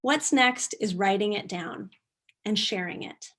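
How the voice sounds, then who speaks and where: A middle-aged woman presenting an online workshop, speaking in a gentle, earnest way with frequent restarts. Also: mid-range voice, unhurried.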